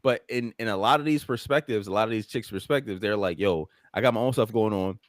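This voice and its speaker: A man co-hosting a podcast, arguing his point in a lively casual way. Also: fairly low pitch, fast, dry recording, studio quality. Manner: lively, argumentative, laughs often. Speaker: podcast co-host. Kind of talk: casual chat.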